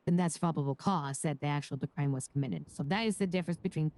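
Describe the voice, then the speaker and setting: A woman's voice: low voice, quick pace, darkish tone, natural voice. A woman playing a young law graduate in a role-play job interview, speaking hesitantly with many restarts. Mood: earnest. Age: young adult. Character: nervous young woman fresh out of law school.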